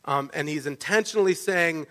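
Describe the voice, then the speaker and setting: A man preaching a sermon, telling the story in a lively way and often checking in with "right?". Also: on the high side, moderate pace. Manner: animated storytelling, with frequent restarts and "right?" asides. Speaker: pastor. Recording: long reverb of a large hall.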